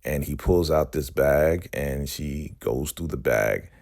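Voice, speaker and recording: A man's voice: extremely low pitch, animated, takes it slowly, creaky, a little mellow. A man casually recapping a TV episode in loose, slangy talk, tagging lines with "right?" and "you know".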